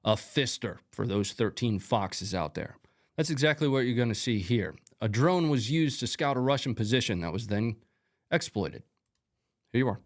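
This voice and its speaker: A man's voice: mid-range voice, normal speed. A man hosting a live stream, talking casually through combat footage with chatty asides. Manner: relaxed, conversational, chatty asides. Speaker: host.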